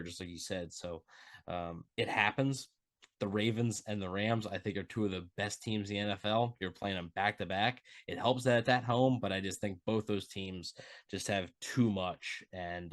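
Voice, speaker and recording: A man's voice: sits low, steady tone, no room sound. A man co-hosting a casual sports podcast, talking with frequent ums and restarts as he weighs his predictions. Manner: halting, many fillers and restarts. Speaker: podcast co-host.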